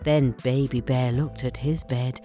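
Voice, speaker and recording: Woman reading a bedtime story, low voice, slow and lively, soft music under it.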